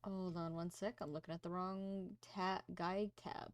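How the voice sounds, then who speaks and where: A woman's voice: lowish voice, little pitch movement, measured pace, smooth, no room sound. A woman running a tabletop game as game master, with dry, laughing asides.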